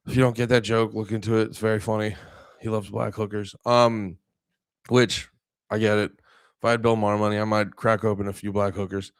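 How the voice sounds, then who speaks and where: In a casual, profane podcast rant, a man with a fairly low, slightly bright voice sounds clear and resonant over a dry recording. The host rambles on, cursing freely and packing in fillers.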